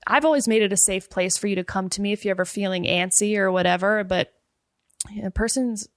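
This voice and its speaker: Woman guest, mid-pitch, animated storyteller who plays out dialogue, dry close sound. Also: fairly quick, dry recording. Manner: animated storyteller, acts out quoted dialogue, fills with "like". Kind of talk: casual chat.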